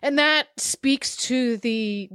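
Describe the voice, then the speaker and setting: A woman hosting a casual podcast, measured and reflective, at a mid pitch. Her voice is close and dry, with no room echo. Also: a bit bright, clear, resonant tone. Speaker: podcast host.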